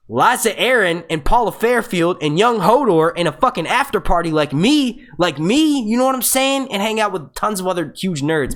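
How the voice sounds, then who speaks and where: Brief: male stream host, slightly high voice, excitable, swears a lot, rambling live commentary. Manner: excitable, profane, rambling with restarts. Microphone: webcam setup.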